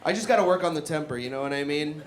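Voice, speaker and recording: Rattling off jokes rapid-fire in a slightly high voice, a young man does a foul-mouthed stand-up routine, cracking up at his punchlines. The venue is a barbershop comedy club, recorded in an echoey space with audience sounds.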